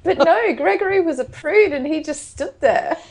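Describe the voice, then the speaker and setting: A woman's voice: high voice, normal speed, vocal fry. A woman with an Australian accent, co-hosting a podcast in casual, bawdy chat, giggling often as she tells stories. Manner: giggly, bawdy, animated storytelling. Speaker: podcast co-host. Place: home in Scotland.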